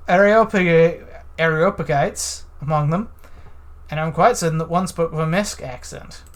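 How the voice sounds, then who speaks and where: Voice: medium pitch, normal speed, close to an everyday voice. A let's-play narrator voicing a nervous, evasive, genteel man witness who speaks in fussy, formal, hesitant phrases.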